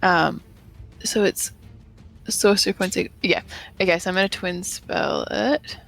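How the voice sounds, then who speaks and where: An Australian woman plays at a tabletop game, her voice carrying a gravelly edge. She hesitates and works through her numbers aloud with plenty of ums, faint music underneath. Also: medium pitch, unhurried, fairly bright tone. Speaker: player.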